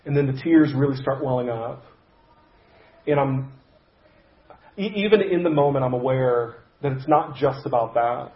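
Man, pastor, sermon storytelling, halting restarts, echoey room, muffled audio. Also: medium pitch. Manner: conversational, halting with restarts and soft pauses. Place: church sanctuary.

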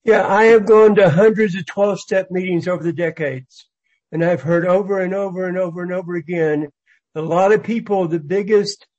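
A man's voice: high voice, darkish tone, dull audio. A man sharing in a group discussion, speaking earnestly and repeating his phrases. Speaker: group member.

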